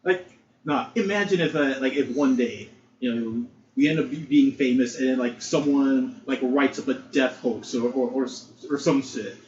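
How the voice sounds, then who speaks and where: A young man co-hosting a podcast, chatting in a relaxed, rambling way with many fillers. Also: mid-range voice, normal speed. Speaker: podcast co-host. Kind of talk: casual chat. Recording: roomy, dull lo-fi mic with faint noise.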